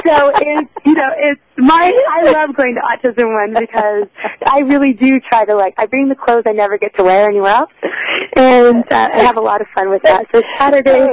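A woman's voice: fairly high pitch, a little fast, muffled recording, slight background noise. A woman co-hosting a casual chat, talking in a rambling way with lots of fillers. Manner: chatty, rambling, frequent fillers. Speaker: co-host.

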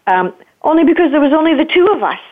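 A woman, a guest on an interview show, speaking reflectively and sometimes pausing to search for words. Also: sits high, very animated. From Scotland. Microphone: phone. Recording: tinny phone line.

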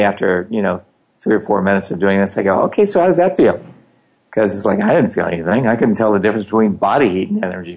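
A man's voice: deep voice, creaky, darkish tone. A middle-aged man telling his story in casual conversation, animating the quoted dialogue.

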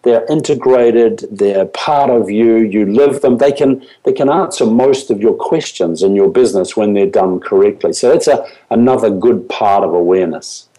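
A man's voice: fairly low pitch, moderate pace, hardly any pauses, dark tone, rough recording. A man speaking as a business coach on a show, telling stories earnestly and often restarting his sentences with fillers.

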